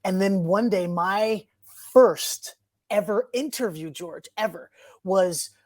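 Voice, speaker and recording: A man telling stories in a casual podcast interview, talking animatedly and rushing ahead before he backtracks. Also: high-pitched, darkish tone, no room sound. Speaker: guest, TV host.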